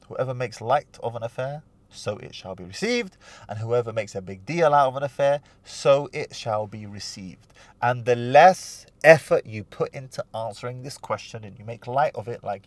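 A man's voice: medium pitch, normal speed, dry recording. A man, hosting a casual advice vlog in a playful, slangy way and acting out little quoted voices as he tells a story. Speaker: relationship advice host.

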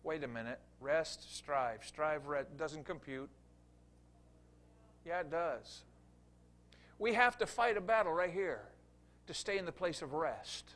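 A middle-aged man preaching a revival sermon, swinging from quiet asides to loud emphatic preaching. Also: on the high side, animated, slow pace, pauses often.

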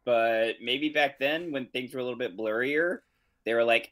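A man co-hosting a comedy podcast, playful and chatty and quick to laugh. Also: mid-range voice, a bit bright. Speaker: podcast co-host. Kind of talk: casual comedic chat.

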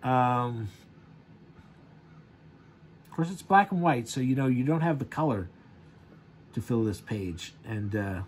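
Guy rambling through a comic page by page, lots of ums, middle pitch, faint room hum. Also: lively intonation, slow, long pauses. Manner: rambling, chuckling, frequent fillers. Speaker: comic book reviewer. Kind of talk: casual comic review.

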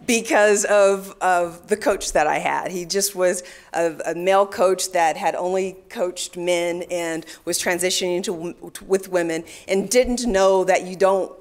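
A middle-aged woman speaking at a leadership event. She tells her stories with energy and slips into the voices of the people she quotes. Her pitch sits in an ordinary middle range for a woman. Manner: animated storyteller, acts out quoted voices. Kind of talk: storytelling talk to an audience.

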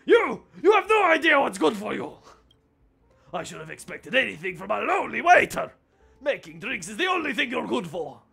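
A man voicing a jealous, pompous male bar customer in a game with a put-on accent, haughty and quick to flare up. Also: very high voice, huge pitch swings, sharp tone, soft background music, voice pushed up, full character voice. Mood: indignant. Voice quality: gravelly, breathy put-on accent.

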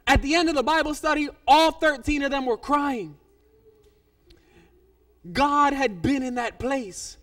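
Animated storytelling preacher, man, very high voice, far from the mic. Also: measured pace, long pauses. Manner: animated, shifting loudness. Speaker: pastor. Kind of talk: storytelling sermon.

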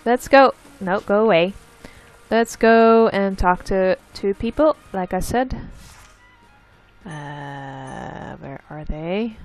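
A woman giving casual let's play commentary, easily frustrated, swearing and shouting at the game, then laughing at herself. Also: mid-range voice.

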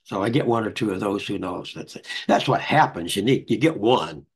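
A man's voice: on the low side, animated, brisk, slightly rough. An older man, an author, telling anecdotes in a rambling conversational way with many restarts. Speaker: author and guest. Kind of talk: conversational storytelling.

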